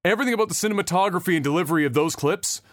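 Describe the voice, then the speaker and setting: A man's voice: high voice, racing, fairly bright tone, no echo, studio quality. A man co-hosting a podcast, in casual chat, rambling and profane, with lots of fillers and restarts. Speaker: podcast co-host.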